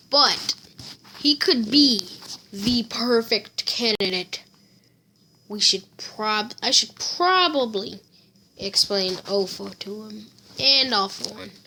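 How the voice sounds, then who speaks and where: A woman's voice: a little high, sharp tone. A woman casually telling a fan story, rambling with fillers and self-corrections.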